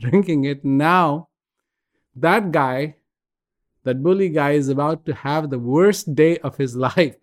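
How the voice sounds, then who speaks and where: A man giving a calm, reflective talk, gently telling a joke and repeating phrases as he goes. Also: fairly high pitch.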